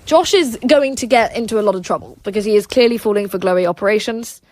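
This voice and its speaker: A woman's voice: medium pitch, fast. A woman hosting a casual livestream, reading chat aloud and rambling with lots of "like" and "um" fillers.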